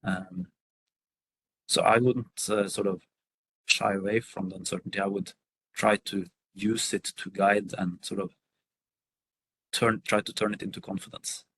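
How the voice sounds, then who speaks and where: A man's voice: low-pitched, little pitch movement, unhurried, long pauses, a bit bright, slight background noise, poor audio. A man on a video call answering a workshop question, hesitant with many fillers and restarts. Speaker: workshop panelist.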